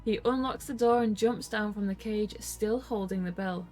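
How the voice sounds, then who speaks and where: A woman's voice: medium pitch, moderate pace, few pauses, a little mellow, soft background music. A woman casually playing through a gamebook, reading narration and choices aloud with chatty asides. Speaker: gamebook reader and co-player.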